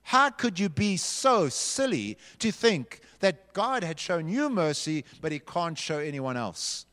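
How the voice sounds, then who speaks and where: A man's voice: a little high, very animated, measured pace, a bit bright. A man voicing God as a stern but merciful figure, scolding and questioning a sulking prophet. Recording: long hall reverb.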